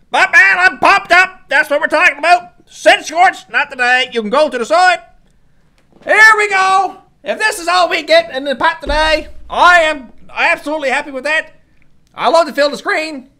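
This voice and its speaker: High, bright card opener. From Newfoundland, Canada. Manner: excitable, hyped-up, calls out each card. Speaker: YouTuber opening trading card packs. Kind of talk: casual pack-opening commentary.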